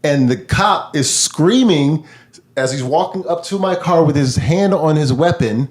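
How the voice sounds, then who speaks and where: A man, a podcast guest, retelling a personal story in a lively, casual way. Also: fairly high pitch, measured pace. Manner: animated, vivid retelling.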